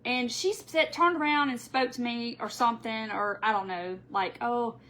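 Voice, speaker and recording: A middle-aged woman rambles through a story while working on a live craft tutorial, animatedly calling her viewers "y'all." Her voice sits on the high side, and she talks at a normal speed.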